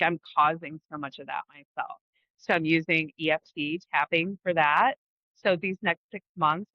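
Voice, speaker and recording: This middle-aged woman, host of her own vlog, muses openly and casually, peppering her talk with swear words. Her voice is low, there's no echo, and the highs are cut off.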